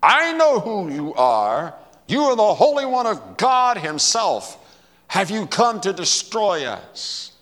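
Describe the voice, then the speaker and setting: Brief: agitated male demon, put on by a preacher, raised and forceful, long reverb. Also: high-pitched, wildly swooping pitch, takes it slowly, voice pushed up, exaggerated voice. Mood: alarmed. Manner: loud, raised, challenging cries.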